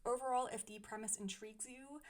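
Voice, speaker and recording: A woman's voice: fairly high pitch, steady tone, brisk. A young woman reviewing books she has read, speaking thoughtfully with frequent small laughs. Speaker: book reviewer. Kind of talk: casual book review.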